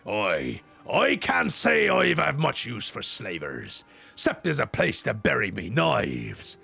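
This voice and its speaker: A man doing a gruff swearing pirate. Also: medium pitch, wildly swooping pitch, takes it slowly, bright, forceful tone, soft background music, voice pushed down, exaggerated voice. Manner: growling pirate snarls and swearing. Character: foul-mouthed male pirate rogue, gruff and brash. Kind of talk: game voice dub.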